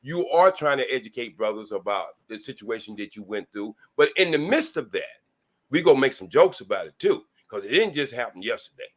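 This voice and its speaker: A man's voice: medium pitch, very animated, fairly quick, fairly bright tone. A man talking casually on a live-stream panel, folksy and preachy. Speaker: panel guest.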